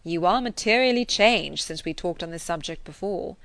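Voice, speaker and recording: Earnest older gentleman, read by a woman, emphatic, dry sound. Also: on the low side, animated, normal speed, vocal fry, no room sound. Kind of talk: audiobook character voice.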